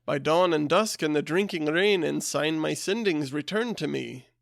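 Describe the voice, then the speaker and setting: A man's voice: a little high, normal speed, vocal fry, no room sound, clean studio sound. A man voicing a proud, defiant harper-knight, declaiming rhythmic verse in a put-on Scottish accent.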